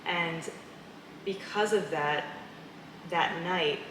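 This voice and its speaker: Interview guest: woman with a low-pitched voice, animated storyteller, recorded in an echoey noisy room. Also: extremely slow. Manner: animated storyteller, laughs often. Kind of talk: casual interview conversation. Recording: echoey room with clear background noise.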